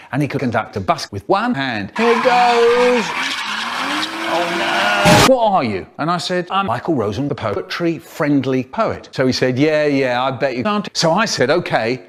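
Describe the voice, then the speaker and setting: A man imitates an elderly poet spinning absurd childhood stories. The voice leaps high and low on a slightly raised pitch. He rambles from one nonsense anecdote to the next. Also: a bit bright, a little hiss or hum. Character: impression of an elderly male children's poet, storyteller. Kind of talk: parody storytelling.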